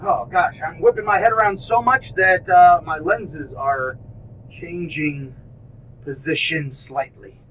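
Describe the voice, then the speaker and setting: A man's voice: a little high, takes it slowly, a bit bright, a little hiss or hum, poor audio. A man playing a horror game in virtual reality, reacting with yelps, swearing and running commentary, likely on a headset mic. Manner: jumpy, swears, yelps and talks back to the game. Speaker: gaming YouTuber. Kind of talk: VR horror let's play commentary.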